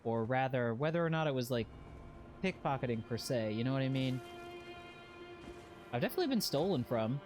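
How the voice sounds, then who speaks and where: A man giving casual live commentary while playing a video game. He swears freely and yelps and shouts at what happens on screen. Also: mid-range voice, expressive, brisk, pauses often. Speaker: game streamer. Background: game music.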